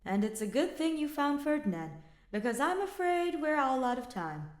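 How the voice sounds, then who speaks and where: A dry, unhurried young scholar, as a woman reader puts him on in a story recording. He explains things calmly and without fuss. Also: sits high, roomy sound, pitched above the performer's own voice.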